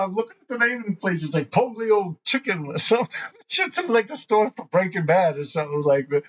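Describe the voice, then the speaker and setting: A man with a high, expressive voice hosts a graffiti show, talking briskly as he tells rambling, profane stories in a casual way. He laughs often, and the audio sounds dull.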